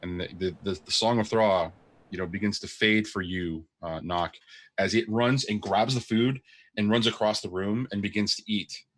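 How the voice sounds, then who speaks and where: A man's voice: on the low side, steady tone, normal speed, fairly bright tone. A man narrating as game master of a tabletop game, describing scenes at length with many fillers.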